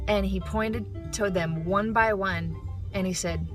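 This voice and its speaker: A woman's voice: mid-range voice, steady tone, measured pace, over music. A woman hosting her own channel, telling a story casually and animatedly, acting out the quoted voices. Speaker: jazz musician and channel host.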